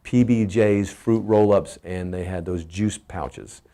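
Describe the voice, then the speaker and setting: A middle-aged man with a Texan accent gives a casual, energetic family health talk, asking his listeners questions as he goes. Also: sits low, slow. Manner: energetic, emphatic, asks the audience questions.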